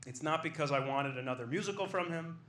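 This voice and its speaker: Young guy doing a stand-up story in a club, high bright voice, echoey room. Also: fast, slight background noise. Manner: animated, excitable storyteller acting out quotes. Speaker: comedian. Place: small comedy club stage with live audience. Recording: roomy club sound with faint ambience.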